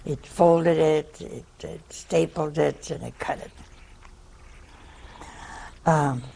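A woman's voice: low voice, steady tone, takes it slowly, creaky, dark tone. An older woman, a nun, telling a humorous folksy story to an audience. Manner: humorous, folksy anecdote with laughs. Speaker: nun giving a talk.

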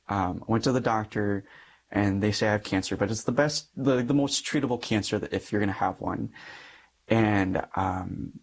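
A man's voice: fairly low pitch, moderate pace. A young adult man, a Catholic priest, giving a personal testimony in conversation, acting out the dialogue in his story with frequent light laughs.

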